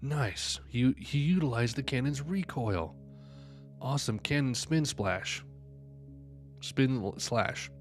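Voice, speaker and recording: A man's voice: medium pitch, soft background music. A man streaming live, reading manga panels aloud and reacting between lines, sleepy and yawning. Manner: reads every character's lines aloud between quick reactions.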